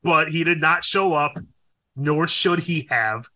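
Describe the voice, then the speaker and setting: A young man co-hosting a podcast in casual chat, animated and profane, with loud exclaims. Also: fairly high pitch, slow pace. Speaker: podcast co-host.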